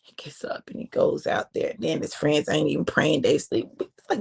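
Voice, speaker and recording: A woman preacher telling a sermon story in a conversational way, with drawn-out phrasing and quiet emphasis. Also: sits low, vocal fry, husky, whispered.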